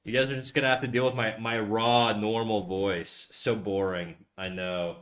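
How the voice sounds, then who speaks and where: A man's voice: on the low side, steady tone, moderate pace, few pauses, fairly bright tone. A young man live-streaming from his apartment into a desk condenser mic, chatting casually and swearing as he reads his chat while he draws. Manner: laid-back, swears a lot, reads chat aloud. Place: his apartment, untreated room. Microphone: USB condenser desk mic.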